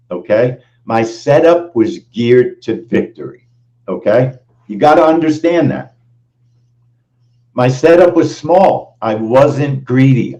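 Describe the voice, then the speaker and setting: Slow, emphatic male trading host. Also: medium pitch, lo-fi sound. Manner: emphatic, repeats his phrases, animated. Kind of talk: live-stream trade recap.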